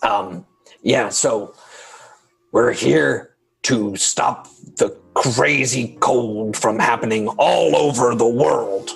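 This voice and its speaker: A man speaking as his character in a tabletop game, halting and hesitant. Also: medium pitch, creaky, husky. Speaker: player. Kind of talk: in-character tabletop role-play.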